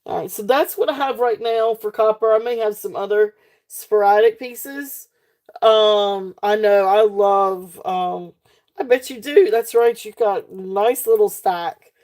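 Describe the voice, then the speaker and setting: A woman's voice: mid-range voice, a little slow, a little mellow. A woman hosting a casual live jewelry sale, chatty and laughing often, with many fillers and restarts. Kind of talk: casual live-stream sales chat.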